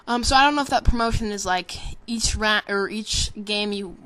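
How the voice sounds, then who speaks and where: A woman's voice: mid-range voice, moderate pace, a bit bright, smooth. A tired woman giving casual, rambling commentary over a game trailer, full of ums and self-corrections. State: tired, sleepy. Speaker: gaming commentator.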